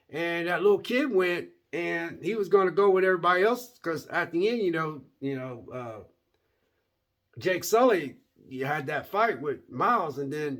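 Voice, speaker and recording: Rambling male movie-review vlogger, lively sing-song delivery. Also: a little high. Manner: rambling, repeats words, says "man" often; folksy, animated. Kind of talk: casual movie review chat.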